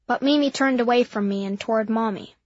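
Woman narrating a childlike story, high voice. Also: brisk, a little mellow, dry recording. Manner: simple, earnest, childlike telling. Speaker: audiobook narrator. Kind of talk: first-person storybook narration as a young boy. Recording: dull dry lo-fi.

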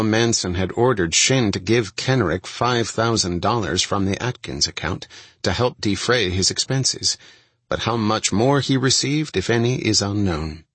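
A man narrating a first-person true-crime audiobook in a steady, measured reading. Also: lowish voice, breathy edge, no room sound.

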